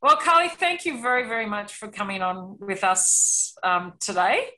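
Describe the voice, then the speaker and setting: Woman, podcast co-host, bright tense voice, roomy echo, casual agreeing chat. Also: mid-range voice, sing-song. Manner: warmly agreeing, quick affirmations.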